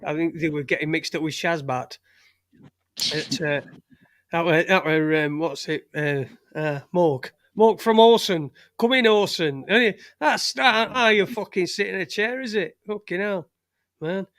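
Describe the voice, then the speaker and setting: A man hosting a loose live chat show, swearing freely and laughing between comments. His voice sits high, and the sound is dry and close with no room around it. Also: measured pace, bright, forceful tone, dry recording. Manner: sweary, blunt, laughing banter. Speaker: podcast host. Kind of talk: casual live-stream chat reading comments.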